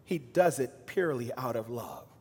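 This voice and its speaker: A man preaching a sermon as pastor, swinging between loud emphatic lines and quiet, hushed asides. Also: medium pitch, very animated, normal speed, breathy edge, in a large hall. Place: church sanctuary.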